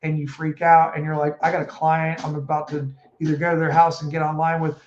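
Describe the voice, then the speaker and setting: Animated man coaching in an echoey room. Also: fairly high pitch, a little fast. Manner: animated, acts out quoted speech. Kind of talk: casual advice talk. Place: home room with a puppy. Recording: echoey room, dull sound, faint noise.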